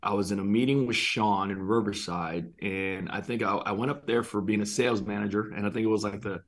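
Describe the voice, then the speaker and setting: A man's voice: fairly low pitch, fairly quick. A man who runs an insurance agency, chatting as a guest and telling stories animatedly, acting out quoted lines. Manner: animated storyteller, acts out quotes. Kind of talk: casual interview conversation.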